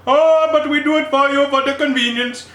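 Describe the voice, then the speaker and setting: Guy doing a high sing-songy indian-accent spice vendor, slow sales pitch. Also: steady tone, bright, forceful tone, roomy sound. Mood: persuasive. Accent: put-on Indian accent. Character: chatty male spice-stand vendor.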